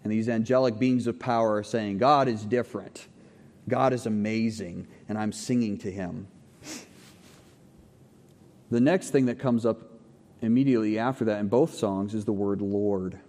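In a church with long hall reverb, a pastor gives a conversational teaching sermon, asking the congregation questions and checking in with frequent okays. His lowish voice is steady and a little mellow, at normal speed with long pauses.

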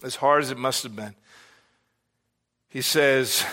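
A man preaching an expository sermon as pastor, earnest and animated, sometimes acting out the lines he quotes. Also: medium pitch, moderate pace, long pauses.

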